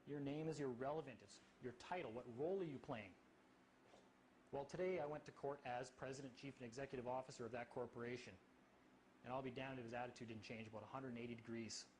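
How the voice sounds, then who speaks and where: Guy telling a story, halting, some faint noise behind. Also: mid-range voice, steady tone, a little mellow, rough recording. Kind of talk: storytelling in casual talk.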